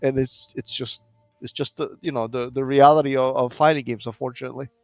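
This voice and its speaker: A man on a casual podcast who lays out his arguments at length and leans on fillers as he goes. His voice is recorded close and dry, with faint music underneath. His pitch is average. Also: steady tone, a little mellow, no echo. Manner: measured, explaining, many fillers. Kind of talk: casual gaming podcast chat.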